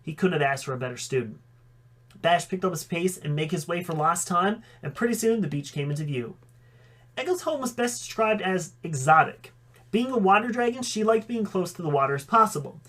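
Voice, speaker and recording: Guy reading a fan story out loud, mid-pitched voice, fixes his slips as he goes. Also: lively intonation, fairly quick. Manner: reads with occasional slips and self-corrections. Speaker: audiobook reader.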